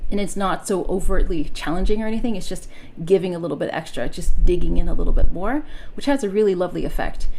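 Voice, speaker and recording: A woman's voice: fairly low pitch, expressive, fast, creaky, few pauses, warm tone, slight background noise, poor audio. A young woman voice coach giving a chatty singing lesson, explaining lines and now and then singing them to demonstrate. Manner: breaks into sung demonstrations between explanations.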